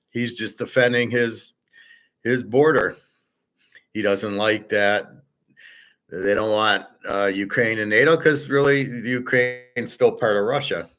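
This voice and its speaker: A man's voice: mid-range voice, fairly bright tone. A man hosting his own show, talking casually in a rambling, opinionated and blunt way, sometimes swearing. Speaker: host. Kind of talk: casual unscripted monologue.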